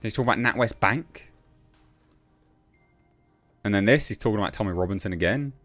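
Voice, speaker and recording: Blunt, mocking low-voiced man. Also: a little fast, a bit bright, soft background music. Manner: blunt, exasperated and mocking, with sarcastic asides. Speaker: political commentary podcaster. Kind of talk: casual political rant.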